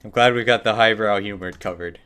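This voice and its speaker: A man's voice: lowish voice, brisk, sharp tone, clear, resonant tone. A young man chatting casually while streaming a game live, joking with his viewers and sometimes putting on a playful accent for the characters. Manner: joking, chatty, voices quest characters in a put-on Scottish-style accent.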